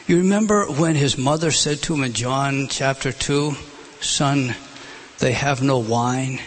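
A man preaching a sermon, moving between a spoken delivery and dramatic drops to a hushed whisper. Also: mid-range voice, a little slow, low-quality recording.

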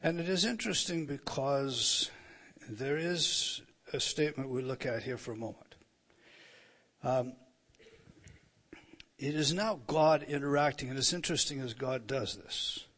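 Male preacher, emphatic, restarts often, mid pitch. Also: unhurried, pauses often, fairly bright tone, breathy edge. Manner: emphatic, rising and falling with frequent restarts. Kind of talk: expository sermon.

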